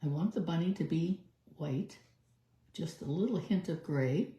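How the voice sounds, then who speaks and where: A woman's voice: deep voice, measured pace, warm tone. A woman doing a live card-making demonstration, chatting through each step as she works. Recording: echoey room.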